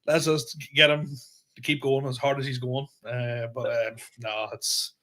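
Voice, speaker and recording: A man co-hosting a podcast, chatting in relaxed banter and laughing often. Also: medium pitch, a little slow. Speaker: podcast co-host. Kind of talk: casual chat.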